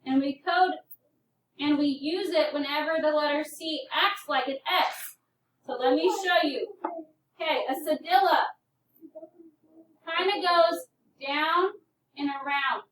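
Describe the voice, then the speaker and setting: Teacher in an echoey classroom. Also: female voice, high-pitched, measured pace, pauses often, a bit bright, far from the mic, slight background noise. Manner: patient, prompting, calls on students by name. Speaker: elementary school teacher. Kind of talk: classroom phonics lesson.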